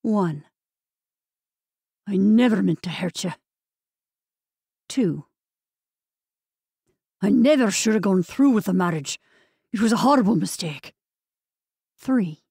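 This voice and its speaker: A woman's voice: medium pitch, animated, slow, gravelly, pauses often, warm tone, husky, dry recording, studio quality, heavily acted. A woman narrator voicing a lovesick man with a Scottish accent, pleading earnestly.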